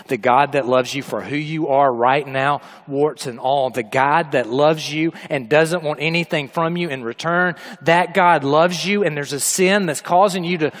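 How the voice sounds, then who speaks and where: A man preaching a sermon as pastor, telling family stories and building to loud emphatic peaks. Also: medium pitch.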